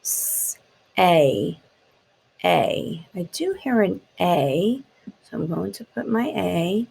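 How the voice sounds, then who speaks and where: A woman teaching phonics to small children, drawing each sound out and walking them through the letters one step at a time. She speaks slowly in a low voice with a gravelly, husky edge. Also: very animated, darkish tone, poor audio. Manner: slow, sounds out letters and taps words. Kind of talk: phonics lesson for young children.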